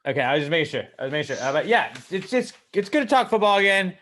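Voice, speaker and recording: A man co-hosting a podcast, chatting casually and teasing with quick jokes. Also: a little high, very animated, bright, forceful tone. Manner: wisecracking, teasing. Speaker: podcast co-host. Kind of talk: casual chat.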